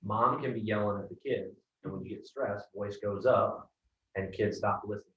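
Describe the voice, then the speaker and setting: A man's voice: lowish voice, steady tone, normal speed, fairly bright tone, distant mic, highs cut off. Direct male sales coach, roomy sound. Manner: direct, keeps asking "right?". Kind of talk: coaching feedback.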